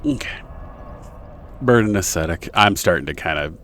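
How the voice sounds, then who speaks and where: A man's voice: deep voice, expressive, normal speed, fairly bright tone, a little hiss or hum. A young man streaming a video game, rambling casually with lots of fillers and self-corrections. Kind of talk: casual gameplay commentary.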